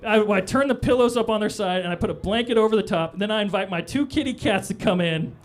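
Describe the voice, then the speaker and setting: A man's voice: high-pitched, quick pace. A man performing a stand-up comedy set on a club stage, with a loose, rambling delivery full of "all right?" asides.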